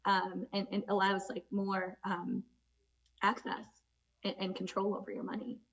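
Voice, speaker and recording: A woman moderating a conference panel, speaking in a measured, conversational way with frequent filler words. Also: medium pitch, little pitch movement, dull audio.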